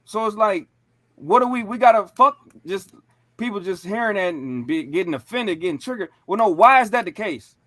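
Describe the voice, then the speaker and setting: A man on a podcast telling stories in a casual, animated way, full of slang and profanity. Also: high voice, normal speed, no echo, studio quality. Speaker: podcast co-host.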